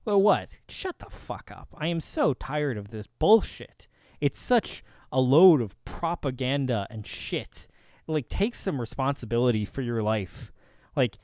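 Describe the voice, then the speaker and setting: A man ranting in a sarcastic, combative reaction commentary, swinging from loud outbursts to low mutters. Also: big pitch swings, a little slow, no echo, studio quality. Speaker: reaction video host.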